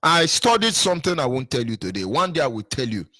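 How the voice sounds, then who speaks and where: A man's voice: medium pitch, big pitch swings, fast talker, pushed and bright, slightly rough, no echo. An older man with a Nigerian accent, delivering an impassioned political monologue with emphatic repetition and sing-song rises. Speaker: political commentator.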